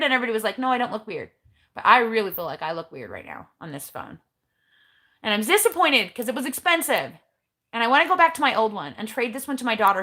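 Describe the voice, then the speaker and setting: A middle-aged woman talks casually to her livestream viewers, recorded on her phone. Her voice is bright and clear, and her manner is chatty and blunt, full of eye-rolling asides. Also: on the high side. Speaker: keto vlogger.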